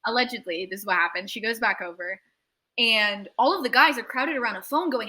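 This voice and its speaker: This young tattoo artist, speaking a little fast in a mid-range voice, relates a lengthy anecdote in an informal interview. She's lively, swears without restraint, and acts out the voices of the people involved.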